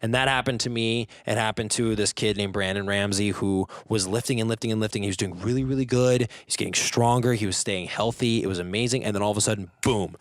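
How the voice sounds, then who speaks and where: A man's voice: fairly low pitch, fairly even intonation, fast talker, few pauses, no room sound, clean studio sound. A man speaking as a guest on a casual podcast, telling stories and mimicking the people he quotes. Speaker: guest, jiu-jitsu competitor.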